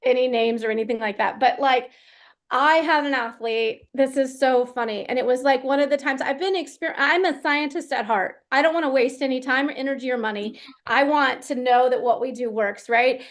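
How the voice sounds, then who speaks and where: A woman performance coach telling a story in a chatty, animated way during a live question-and-answer session. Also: high voice, brisk.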